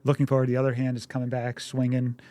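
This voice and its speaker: A man co-hosting a parenting podcast, telling lively family stories and acting out shouted quotes. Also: medium pitch, quick pace, dry recording. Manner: lively storyteller, acts out yelling quotes. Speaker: podcast co-host. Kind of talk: casual conversational podcast.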